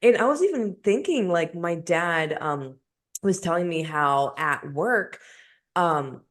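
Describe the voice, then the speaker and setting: A woman's voice: lowish voice, lively intonation, takes it slowly. A young woman co-hosting a podcast in casual chat, rambling with lots of fillers and restarts. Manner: chatty, many fillers and restarts, laughs easily. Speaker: podcast co-host.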